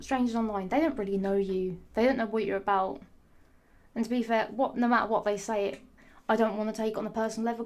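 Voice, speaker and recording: A young woman, ranting into the camera in a sarcastic, sassy, rambling way and swearing freely. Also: medium pitch. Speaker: vlogger. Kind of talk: ranting casual monologue.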